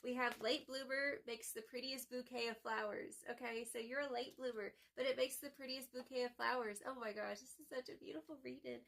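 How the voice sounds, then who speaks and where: A woman giving a casual tarot reading, chatty and excitable, swearing freely and calling viewers boo-boo. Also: fairly high pitch, fairly quick, hardly any pauses. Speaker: tarot reader.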